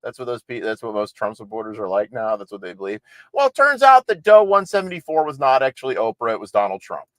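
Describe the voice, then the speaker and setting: A man's voice: medium pitch, huge pitch swings, quick pace, fairly bright tone, dry recording, poor audio. A man hosting a livestream with political commentary, speaking in a blunt, exasperated and mocking way. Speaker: host.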